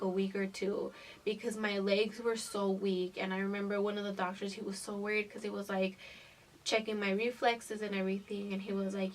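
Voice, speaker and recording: A woman's voice: medium pitch, fairly bright tone, far from the mic. Profane young woman telling a story. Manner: casual and profane, laughing through the story. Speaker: vlogger. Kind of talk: casual storytime vlog.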